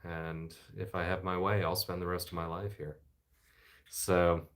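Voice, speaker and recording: American baritone man chatting casually. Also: measured pace. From United States. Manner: relaxed, chatty, enthusiastic asides. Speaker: channel host reading live chat. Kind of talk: casual live-stream chat. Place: home living room by the fireside.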